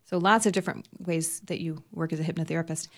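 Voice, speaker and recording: A woman's voice: sits low, fairly even intonation, fast. A woman co-hosting a radio talk show in casual chat, friendly and laughing often. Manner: friendly, laughs often, stumbles over long names. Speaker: radio co-host.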